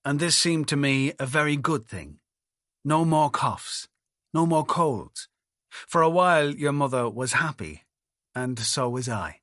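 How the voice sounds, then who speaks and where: A man's voice: fairly high pitch, expressive, unhurried, fairly bright tone, dry recording, clean studio sound. Man narrating a confessional audiobook. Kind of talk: first-person audiobook narration.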